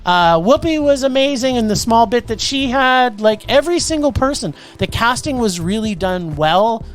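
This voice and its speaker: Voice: mid-range voice, lively intonation, normal speed. A podcast co-host reviewing films in blunt, casual chat, swearing freely.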